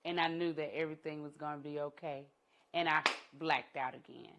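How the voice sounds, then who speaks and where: A middle-aged woman giving a talk, telling her personal story as an entrepreneur and educator, with dramatic pauses and hushed moments. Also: low voice, steady tone, background noise. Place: conference room.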